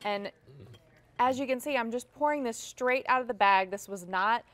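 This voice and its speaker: A woman's voice: fairly high pitch, moderate pace, fairly bright tone, no echo. A woman from Tennessee, a food company guest, cheerfully demonstrating a product on a shopping show. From Memphis, Tennessee. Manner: cheerful, bubbly, persuasive.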